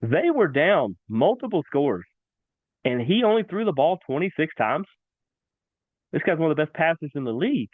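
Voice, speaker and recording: A man hosting a casual sports talk show, excitable and animated, repeating himself for emphasis. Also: a little high, normal speed, no room sound. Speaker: sports podcast host. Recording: dry, tinny phone-like sound.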